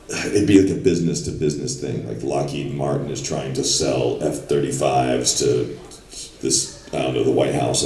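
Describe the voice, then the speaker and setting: A man's voice: extremely low pitch, warm tone, distant mic. A man speaking as a guest on a convention panel, telling rambling, chatty stories. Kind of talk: anecdotal panel talk. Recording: echoey convention room from afar.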